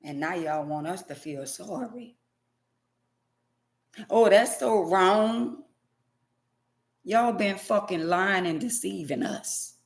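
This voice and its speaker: A woman's voice: fairly low pitch, slow, long pauses, echoey room. A woman ranting in casual commentary, emphatic and profane, hammering her points by repeating them. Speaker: vlogger.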